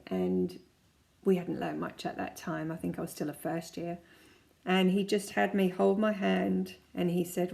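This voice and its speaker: A woman in her forties, a kinesiology practitioner, chatting casually as she guides listeners through calming exercises step by step. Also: fairly low pitch, normal speed, creaky. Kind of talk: casual self-help teaching.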